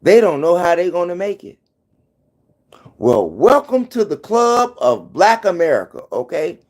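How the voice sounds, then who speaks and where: A middle-aged man delivers a slow, preachy rant straight into his phone. His somewhat high voice swoops up and down as he repeats his lines for emphasis. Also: very animated, a little mellow. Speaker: vlogger. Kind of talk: opinionated commentary vlog.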